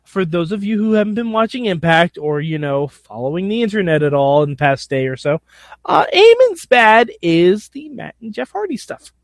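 High, lively man laughing easily. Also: normal speed, no echo, clean studio sound. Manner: excitable, laughs often. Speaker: podcast host. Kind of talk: casual chat.

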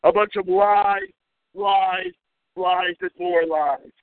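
His voice sits high and gravelly, swinging hugely in pitch while he takes his time, as this call-in radio host rants with anger, profanity, and mockery. The audio has a tinny phone-like quality and no room sound.

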